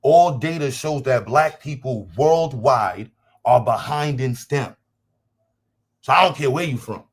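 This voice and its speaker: A man's voice: medium pitch, expressive, a little slow, husky. A man hosting a livestream and talking casually to his chat, blunt, profane and combative, repeating phrases for emphasis. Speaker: livestream host.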